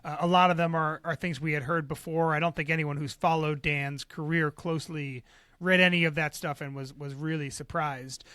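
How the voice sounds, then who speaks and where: Man, podcast co-host, measured, analytical, fairly high voice, dry recording. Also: steady tone, sharp tone, dry recording. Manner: measured, analytical, some hesitations. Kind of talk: casual sports business chat.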